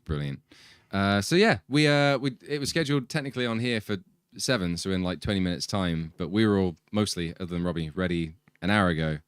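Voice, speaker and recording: A man's voice: low voice, lively intonation, brisk, clean tone, no echo, clean studio sound. A young man in a band, casually chatting and hosting a livestream with his bandmates. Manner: chatty, laughs often, says he is sleepy. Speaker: band member hosting the stream.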